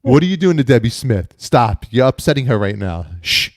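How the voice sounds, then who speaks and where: A man hosting a live talk show, teasing a guest loudly and playfully. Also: mid-range voice, moderate pace, dry recording, clean studio sound. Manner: teasing, loud and animated.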